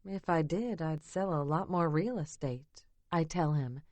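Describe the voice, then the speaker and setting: A woman reading a first-person romance audiobook in an intimate, breathy way. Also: deep voice, unhurried, few pauses, darkish tone, no room sound. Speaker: audiobook narrator.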